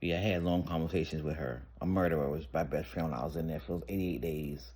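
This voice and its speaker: Man, deep voice, casual storytime vlogger, candid and conversational. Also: fast, darkish tone, breathy edge. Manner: candid, conversational, rambling with restarts.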